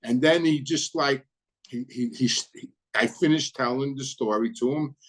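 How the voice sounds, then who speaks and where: A man's voice: mid-range voice, normal speed, a bit bright, poor audio. A middle-aged man hosting his own channel, recounting his past in a casual, rambling monologue full of repeats and "you know"s.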